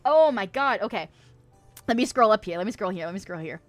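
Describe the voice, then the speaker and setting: A young woman streamer playing a mock preacher, reading her chat's verdicts aloud with swearing, laughter and loud exclamations. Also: mid-range voice, expressive, fairly quick, no room sound, soft background music. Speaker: streamer hosting a mock confession segment. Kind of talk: playful mock-sermon, reading chat aloud.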